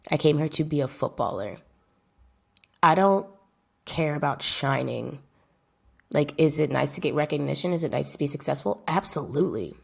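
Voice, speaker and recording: A woman's voice: low-pitched, lively intonation, normal speed, gravelly, pauses often, husky. A young woman footballer telling her story in a casual vlog, talking straight to viewers and hammering points home with repeated phrases. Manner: emphatic, repeats phrases for effect; addresses viewers directly and chattily. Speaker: footballer vlogging about her career.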